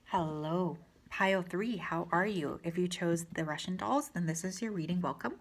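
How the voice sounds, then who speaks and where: A woman with a slightly low voice reads tarot cards for her viewers. She speaks gently and reassuringly, in a loose, chatty way with filler words. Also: moderate pace. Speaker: tarot reader. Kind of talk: channeled tarot reading.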